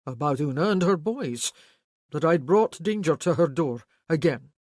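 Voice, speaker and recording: A guilt-ridden older Highland man, as an audiobook narrator puts him on, speaking with earnest, pleading sorrow. The voice sits in a middle register, and the recording is close and completely dry. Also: lively intonation, moderate pace, a little mellow, dry recording, lightly acted. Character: remorseful older Highland man, Kerr's uncle. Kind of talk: audiobook character voice.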